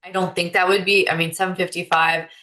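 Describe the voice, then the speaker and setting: A woman's voice: fairly low pitch, little pitch movement, fairly quick, pushed and bright. A woman hosting an online course Q&A, chatty and loose, full of fillers and restarts. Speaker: course host. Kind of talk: casual webinar Q&A.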